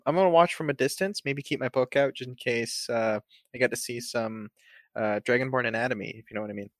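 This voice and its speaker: A man's voice: mid-range voice, fast talker, no echo. Guy doing sly in-character lines at a game table, dry close sound. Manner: sly, joking. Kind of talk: in-character role-play.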